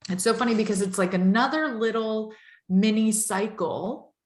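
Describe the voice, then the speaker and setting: A woman's voice: mid-range voice, moderate pace. A woman speaking as a tarot reader guest, earnest and flowing in long reflective sentences. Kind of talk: spiritual podcast conversation. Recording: echoey room sound.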